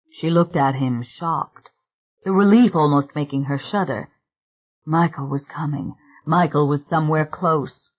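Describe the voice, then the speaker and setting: An audiobook narrator reading a thriller in a measured, even way. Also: medium pitch. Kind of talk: scripted narration. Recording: tinny phone-like sound.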